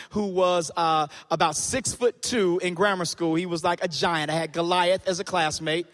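A man's voice: high-pitched, a bit bright. A man preaching a sermon in church, telling a personal story and then preaching emphatically while calling on the congregation to respond. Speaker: pastor.

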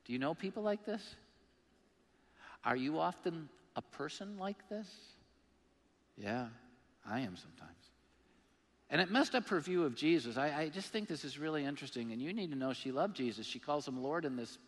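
Male pastor, slightly high voice, emphatic and self-mocking sermon delivery, echoing church hall. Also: normal speed. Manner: animated, emphatic preaching with self-deprecating humor. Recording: long reverb of a large hall.

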